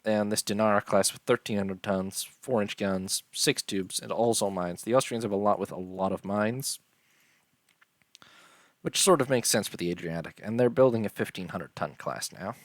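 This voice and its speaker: A man giving casual, unhurried commentary on a strategy game, tired and yawning, filling pauses with ums and uhs. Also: on the low side, no room sound. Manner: unhurried, listing details with many ums and uhs. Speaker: strategy game let's-player.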